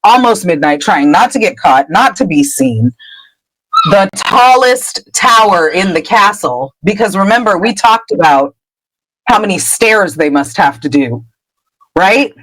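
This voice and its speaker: Animated woman recapping a chapter. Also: mid-range voice, measured pace, no room sound, poor audio. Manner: animated, laughing storyteller. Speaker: podcast host. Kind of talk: casual chapter recap with acted voices.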